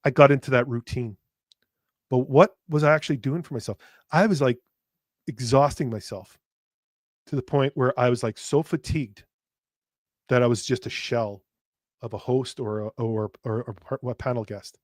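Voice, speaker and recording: In a personal podcast monologue, a host speaks earnestly and haltingly to his listeners, often restarting and repeating words before pushing on. His mid-range voice holds a steady tone, his speech blunt and plain with casual swearing, and the sound is dry with no room echo.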